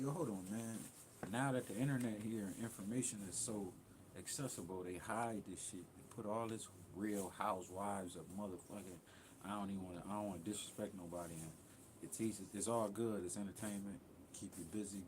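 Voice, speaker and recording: A man's voice: on the low side, noisy background. A young man talking bluntly and profanely in a rambling livestream rant, jumping between thoughts. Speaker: livestream host.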